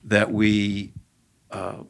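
A man's voice: fairly low pitch, monotone, very slow, vocal fry. A man hosting a faith-flavored conversation podcast, talking earnestly and retelling stories with feeling. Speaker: podcast host. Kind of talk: casual conversation.

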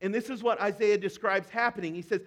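A man preaching a sermon as pastor, conversational and earnest, building to loud emphatic repetition. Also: high-pitched, quick pace.

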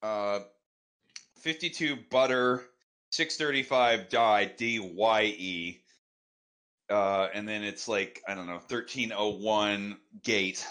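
A man's voice: on the low side, takes it slowly, bright, forceful tone. A man as a podcast interview guest, answering in a dry, sarcastic way.

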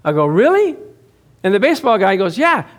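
High-voiced man preaching a story sermon. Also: sing-song, brisk. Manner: chatty storytelling, laughs often. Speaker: pastor.

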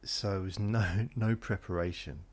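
A man's voice: low-pitched, steady tone, moderate pace, a little mellow. A man hosts a podcast, rambling through a monologue meant to lull listeners to sleep and interrupting himself as he drifts between points. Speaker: podcast host.

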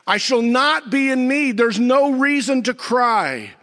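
A man pastor preaching a sermon, swinging from near-shouts down to low, slow emphasis with dramatic pauses. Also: expressive, in a large hall.

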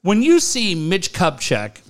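A middle-aged man, co-hosting a sports talk show and telling stories in an excitable, profane way. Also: high voice, takes it slowly. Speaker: sports radio co-host. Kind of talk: casual chat.

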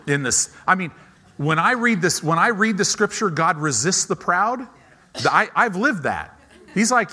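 A male pastor preaching a sermon, telling a personal story, swinging between loud emphatic bursts and quiet asides. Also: fairly high pitch, animated, moderate pace. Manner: preacher's repeated emphatic contrasts.

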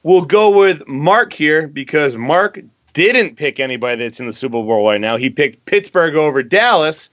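A man's voice: a little high, moderate pace, few pauses. A man co-hosting a sports podcast, leading the picks and teasing the others. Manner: excitable, teasing. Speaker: podcast co-host. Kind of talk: casual sports banter. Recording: dry dull lo-fi audio.

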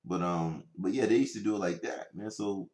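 A man chatting casually as a podcast co-host, telling stories in a laid-back, drawn-out way. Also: sits low, a little mellow, roomy sound. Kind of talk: casual chat.

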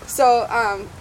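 A woman's voice: a little high, slight background noise, rough recording. A teenage girl in a band, telling a story animatedly in an interview with frequent laughs and fillers. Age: teens. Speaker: band member guest.

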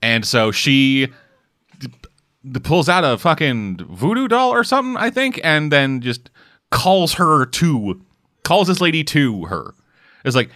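A man co-hosting a podcast, telling a story in casual, profane, animated chat. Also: on the high side, a little slow. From Canada. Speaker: podcast co-host.

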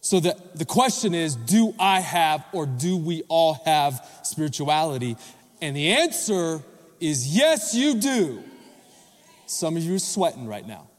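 A man with a fairly high voice preaches to his congregation, pausing to quiz them and ask for an amen. His words ring out with a long reverb that fills the large church hall. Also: big pitch swings. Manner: engages the congregation with questions and calls for responses. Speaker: pastor. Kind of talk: sermon. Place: church sanctuary.

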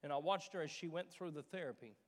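A man's voice: fairly high pitch, fast. A middle-aged man preaching a sermon as pastor, repeating his phrases and rising to fervent emphasis. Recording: church sanctuary with long reverb.

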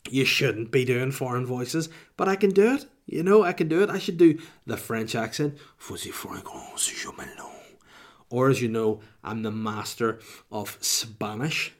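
A man's voice: mid-range voice, lively intonation, moderate pace. Sniffly Northern Irish man rambling jokily. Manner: jokey, rambling, self-mocking. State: sniffly with a cold. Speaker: podcast host. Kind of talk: casual rambling podcast chat.

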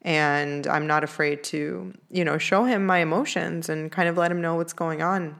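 A woman's voice: low voice, steady tone, normal speed, gravelly, a bit bright. A young woman telling a personal story in a candid, earnest way, with lots of "like" fillers. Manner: candid, heavy use of "like" fillers; earnest, emotional confessional tone.

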